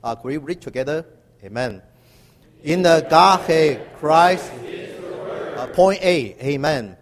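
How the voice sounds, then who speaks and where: Male preacher, high animated voice, long hall echo. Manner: halting with many uh fillers, emphatic call-and-response. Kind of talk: sermon.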